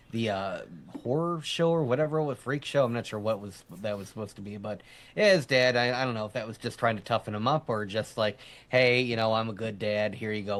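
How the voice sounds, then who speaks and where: Co-hosting a casual live podcast show, an adult army veteran talks briskly with a medium-pitched, somewhat bright voice. He rambles chattily, laughing a lot and teasing his co-host partner.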